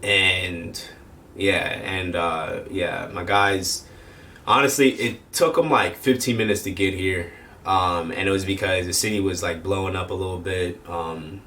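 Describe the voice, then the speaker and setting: A man's voice: low-pitched, fairly even intonation, a little slow, sharp tone, slight background noise. A young man, a firefighter and paramedic, telling a personal story in a rambling, slangy way with many fillers. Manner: rambling, lots of fillers, slangy, acts out quotes. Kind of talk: casual storytelling vlog.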